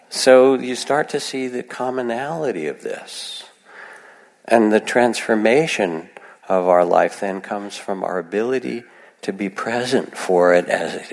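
A low-voiced man with a gravelly edge gives a gentle, unhurried dharma talk. He speaks in a conversational way, full of asides to his listeners. His voice rings with the long reverb of a large hall. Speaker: meditation teacher. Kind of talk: dharma talk to a live audience.

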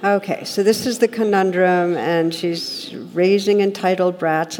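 A woman with a low, grounded voice gives a dharma talk to a group. She is earnest and reflective, and she illustrates points with everyday stories. Her words ring out with a long reverb, as if recorded in a hall. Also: fairly even intonation, unhurried, few pauses, a little mellow. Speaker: meditation teacher.

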